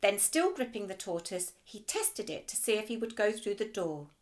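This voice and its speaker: A female teacher reading a children's storybook aloud in an expressive, lively way. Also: medium pitch, moderate pace.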